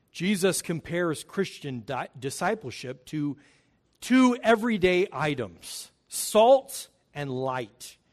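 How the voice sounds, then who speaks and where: A middle-aged man preaching a sermon as a pastor, earnest and emphatic, leaning hard on key words. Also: a little high.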